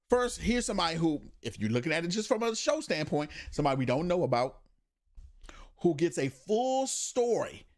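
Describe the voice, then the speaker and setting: A man co-hosting a podcast, chatting casually about a TV show in a slangy, joking way. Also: high voice. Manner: animated, laughing, slangy, acts out scenes in put-on voices. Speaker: podcast co-host. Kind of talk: casual chat reviewing a TV show.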